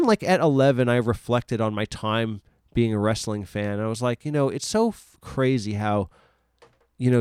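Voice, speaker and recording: Guy doing a solo podcast, rambly and self-deprecating, smooth voice, dry sound. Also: lowish voice, darkish tone, dry recording. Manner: rambling, self-mocking, heavy use of filler words. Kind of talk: rambling casual monologue. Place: alone in a room.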